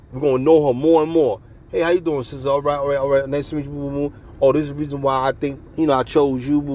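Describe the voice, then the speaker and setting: A man preaching bluntly and profanely outdoors on a city street, with traffic passing behind him. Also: a little high. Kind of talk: open-air street preaching.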